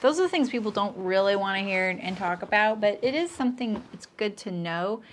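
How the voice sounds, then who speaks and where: Middle-aged woman chatting on a live sewing stream, joking, lots of restarts, average pitch. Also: expressive, fairly quick, slight background noise. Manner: chatty and joking, lots of restarts, often drops into a low aside. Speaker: sewing pattern designer hosting a live stream. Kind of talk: casual live-stream chat, reading comments aloud.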